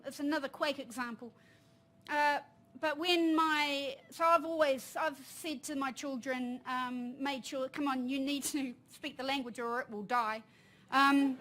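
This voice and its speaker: Animated, high-voiced New Zealand woman. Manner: animated, laughing, mixes in Māori phrases. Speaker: panel speaker. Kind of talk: storytelling talk. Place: conference room.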